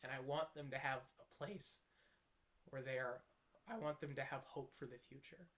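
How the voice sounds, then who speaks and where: A man voicing a gentle, hopeful old king in a soft, hushed voice. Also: mid-range voice, steady tone, measured pace. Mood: tender.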